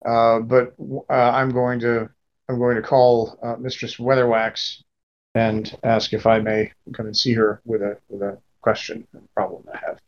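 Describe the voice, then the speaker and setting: A man's voice: mid-range voice, level tone, a little slow, muffled recording. A man playing a tabletop role-playing game, jokey and stumbling over his words. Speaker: player. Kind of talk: casual tabletop play.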